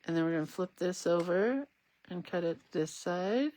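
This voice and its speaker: A woman's voice: lowish voice, expressive, moderate pace, very noisy. A woman hosting a casual crafting stream, chatting in a rambling way and reading out viewer comments as she works. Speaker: craft livestream host. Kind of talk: casual chat while crafting.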